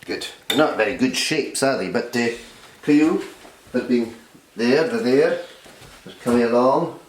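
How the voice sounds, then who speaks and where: A man leading a playful online lesson for children, slowly sounding out simple phrases syllable by syllable. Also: mid-range voice, a little hiss or hum. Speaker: Gaelic workshop teacher. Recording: roomy sound from a distance.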